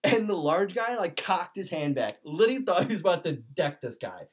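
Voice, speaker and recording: A young man hosting a podcast tells a story in a casual chat, his high voice sing-song, brisk and breathy. He rambles, says "like" a lot, and acts out what people said in different voices.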